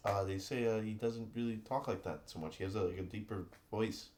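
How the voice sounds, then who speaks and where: A man's voice: fairly low pitch, brisk, a little mellow. A man hosting a podcast, asking casual questions full of fillers. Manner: chatty, filler-heavy questions. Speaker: podcast host. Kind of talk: casual interview.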